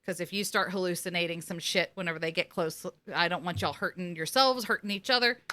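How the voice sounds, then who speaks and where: A woman co-hosting a casual recap podcast, retelling scenes and acting out the characters in quick voices. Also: on the low side. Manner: animated, acts out characters in quotes. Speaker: podcast co-host.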